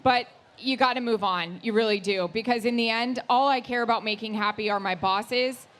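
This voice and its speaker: Excitable, blunt woman podcast co-host. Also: on the high side. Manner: excitable, blunt, quick advice. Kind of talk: live podcast Q&A. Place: live event stage.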